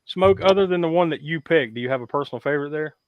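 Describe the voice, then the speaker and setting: A man's voice: a little high, fast talker, no echo. A man hosting a live horror podcast, chatting casually with a joking, rambling, wry manner. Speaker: podcast host. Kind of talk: casual live-stream chat. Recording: dull lo-fi sound.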